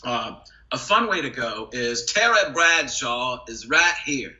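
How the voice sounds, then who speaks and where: A male comedian and impressionist chatting on a podcast, lively and quick to slip into impressions. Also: mid-range voice, dull audio. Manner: animated, jumps into brief celebrity impressions. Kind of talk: casual podcast chat with quick impression demos.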